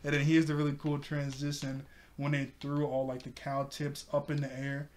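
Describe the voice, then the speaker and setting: A chatty man with a slightly high voice, recapping an episode in a loose, conversational way. He laughs often as he talks. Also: monotone, moderate pace. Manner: giggly, chatty. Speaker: anime reviewer.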